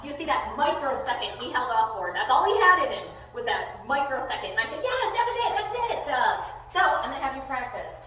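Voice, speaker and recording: A woman dog trainer teaching a hands-on lesson, upbeat and animated, with bursts of excited praise. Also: a little high, brisk, hardly any pauses. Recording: echoey room, distant mic, faint noise.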